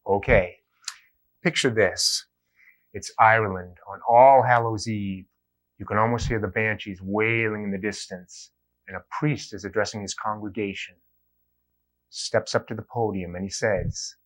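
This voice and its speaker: A man hosting a comedy show, telling a joke as an animated storyteller. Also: lowish voice, measured pace.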